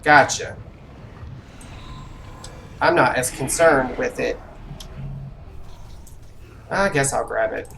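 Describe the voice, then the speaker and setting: A streamer giving live commentary on an online role-playing game, grumbling and talking to themselves with quick reactions. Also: medium pitch, vocal fry, a bit bright, a little hiss or hum.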